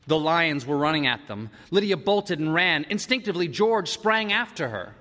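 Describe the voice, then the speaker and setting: A man's voice: on the high side, sing-song, normal speed, hardly any pauses, sharp tone. A man narrating a story aloud, lingering vividly over the descriptions. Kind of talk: dramatic story reading. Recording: reverberant hall.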